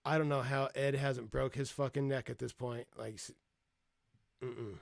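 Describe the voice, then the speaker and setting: A man's voice: medium pitch, fairly even intonation, normal speed, gravelly, a faint crowd. A man streaming live, reacting to a video and mocking the people in it with gleeful, profane jabs.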